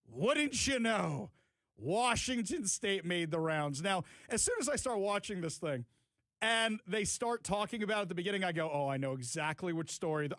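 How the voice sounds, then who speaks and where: Radio talk guy, high voice, swings all over, dry close mic, emphatic. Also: no room sound. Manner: animated, mocking, emphatic. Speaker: radio talk show host.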